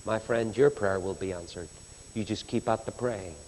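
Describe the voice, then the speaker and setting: A man preaching a sermon with fervor, swinging between loud declarations and hushed, pleading passages. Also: fairly low pitch, moderate pace, slight background noise. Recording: long reverb of a large hall.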